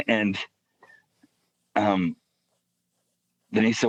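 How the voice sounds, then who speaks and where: Male podcast guest, deep voice, dry and slightly dull sound, thoughtful and halting delivery. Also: fairly even intonation, no echo. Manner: halting, reflective, with many restarts and soft asides. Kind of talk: personal faith story in casual podcast conversation.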